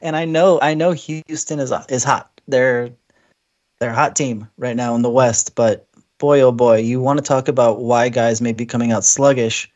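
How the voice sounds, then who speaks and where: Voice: mid-range voice, fairly even intonation, normal speed, a little mellow, lo-fi sound. A podcast co-host chatting casually about basketball with playful, joking asides. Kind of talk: casual sports podcast chat.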